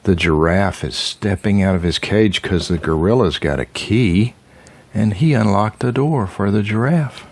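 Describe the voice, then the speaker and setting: A man's voice: fairly low pitch, measured pace, darkish tone. An older grandfather reading a picture book aloud, stopping to ask the child about the pictures.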